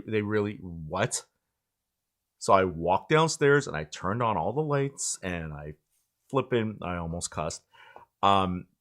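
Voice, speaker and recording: A man hosts a tech live stream from his home setup and rants with exasperation. His pitch leaps up and drops low as he talks, with plenty of lively swings. He keeps breaking off to speak straight to his chat. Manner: animated, exasperated ranting with asides to chat. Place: home studio, indoors.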